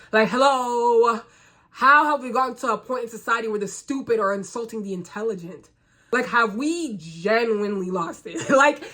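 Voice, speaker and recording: A woman's voice: fairly high pitch, sharp tone. A young woman vlogger from the United States, ranting to camera in a loose, casual monologue. She is blunt and sarcastic, and she swears freely.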